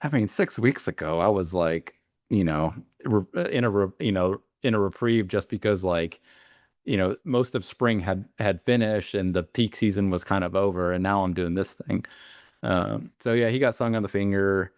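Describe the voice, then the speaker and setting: In a casual interview, this Alabama beekeeper tells meandering stories packed with fillers and false starts. His voice is low and moves at a normal speed, captured in clean studio quality without any echo.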